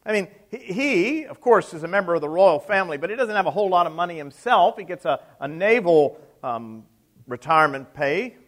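A middle-aged male pastor delivers an emphatic sermon, asking rhetorical questions and swinging between loud and soft. His voice is high with lively intonation, and he speaks a little fast.

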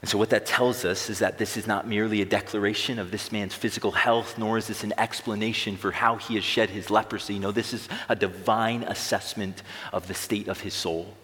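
A man's voice: lowish voice, fairly even intonation, a little fast, hardly any pauses, fairly bright tone. A young man preaching a sermon to a large room, emphatic and building intensity on key phrases. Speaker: pastor. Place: large room with long reverb. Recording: echoey hall reverb.

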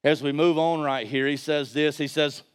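Man, high-pitched, preaching a sermon, emphatic, shouts and drops to a hush, repeats himself. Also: fairly even intonation, moderate pace, clear, resonant tone. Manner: repeats phrases, asks rhetorical questions. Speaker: pastor. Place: church stage.

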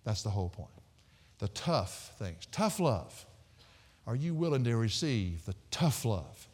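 Man, pastor, folksy sermon, laughs a lot, very lively pitch, long church-hall reverb. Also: a little slow. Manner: folksy storytelling, laughs often, swings from soft to loud.

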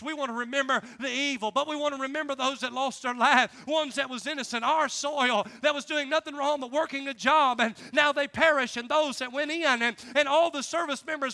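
A male evangelist preaches in a high, gravelly voice. His delivery is folksy and emphatic, and his tone is bright and forceful. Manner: folksy, emphatic, laughs between stories. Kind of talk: sermon with personal storytelling.

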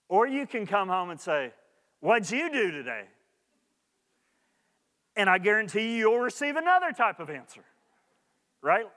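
A man's voice: high voice, sharp tone, big-room sound. A man preaching a sermon as pastor, earnest and repeating his key points for emphasis.

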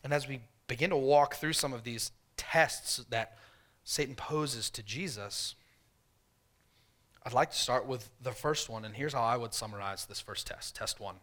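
A man preaching a sermon in a conversational way, voicing the tempter's questions in softer, lower tones. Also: moderate pace. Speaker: pastor.

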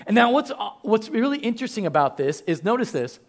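A man's voice: sits high, very animated, fast. A man preaching a conversational sermon, joking with the congregation and acting out the lines of the people in the story. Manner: conversational, acts out quotes, jokes with the congregation. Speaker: pastor. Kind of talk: animated sermon.

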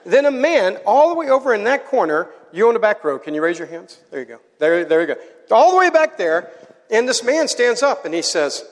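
A man preaching to a live audience, telling a story with animated energy and getting the crowd to join in. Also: extremely high pitch, brisk, a little hiss or hum. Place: large hall. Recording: hall with long reverb.

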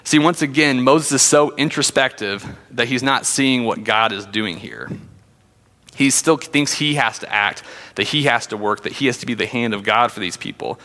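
Bright-voiced man teaching scripture. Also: mid-range voice, normal speed, in a large hall. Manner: conversational, with frequent fillers. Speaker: Bible teacher. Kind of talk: sermon with scripture reading.

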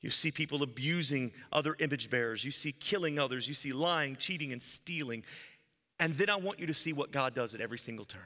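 Bright-voiced pastor preaching in a reverberant hall. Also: male voice, brisk. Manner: storytelling, swings between loud emphasis and hushed low lines. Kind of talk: sermon.

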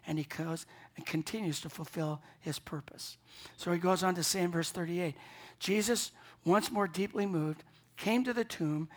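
Earnest preacher man mid-sermon. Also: high voice. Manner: earnest, emphatic, repeats himself when building a point. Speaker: pastor. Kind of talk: Easter morning sermon.

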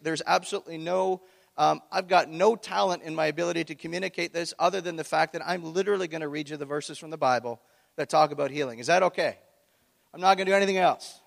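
A male pastor gives a casual sermon, chatting with the congregation and often restarting his sentences. His voice is gravelly and sits a little high. The sound rings with the long reverb of a church hall. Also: fairly bright tone.

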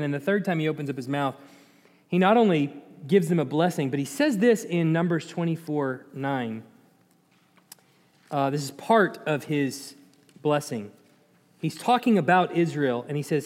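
A man teaching a Bible study, retelling the story in an animated way with laughs and asides to the class, recorded in an echoey church hall. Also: on the high side, normal speed.

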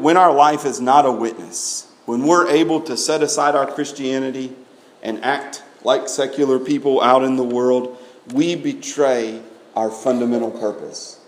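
A man preaching a sermon to his congregation, emphatic and full of rhetorical questions, often repeating words as he builds a point. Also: medium pitch. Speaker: pastor.

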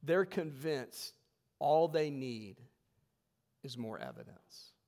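A man preaching a sermon to his congregation, emphatic, swelling loud and then dropping low. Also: expressive, slow pace, big-room sound. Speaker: pastor. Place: church sanctuary.

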